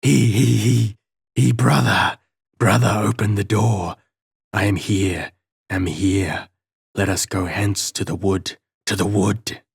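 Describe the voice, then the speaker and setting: A man voicing a hoarse, stammering male demon who cackles and repeats his words. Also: lowish voice, steady tone, slow, no echo, studio quality, heavily acted. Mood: mocking.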